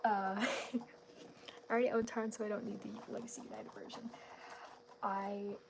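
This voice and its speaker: A woman's voice: mid-range voice, flat delivery, moderate pace, very noisy. A woman chatting casually on a live art stream at home at night. She laughs often and keeps her voice down so her family is not disturbed. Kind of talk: casual live-stream chat while drawing.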